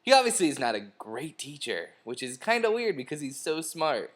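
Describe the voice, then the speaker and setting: A man's voice: fairly high pitch, sing-song, a little fast, a bit bright. A man co-hosting a casual TV commentary chat, rambling and hedging and often laughing as he talks. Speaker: podcast co-host.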